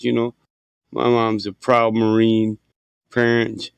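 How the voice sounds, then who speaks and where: A man's voice: lowish voice, completely flat delivery, unhurried, gravelly, clean tone, no room sound. A man from Michigan telling a brash, profane story in casual chat. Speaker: podcast host.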